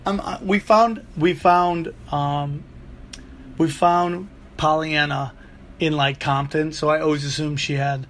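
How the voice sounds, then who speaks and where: A man's voice: a little high, slow pace, slight background noise. A man hosting a show, telling crude, rambling comic stories with lots of swearing. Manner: profane, rambling, animated storyteller. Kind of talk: comedic rambling monologue.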